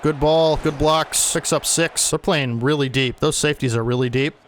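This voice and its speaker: Fairly high-voiced young man commentating gameplay. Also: moderate pace, slight background noise. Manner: casual, gets agitated and exasperated at bad plays. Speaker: gaming channel host. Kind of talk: play-by-play commentary over gameplay.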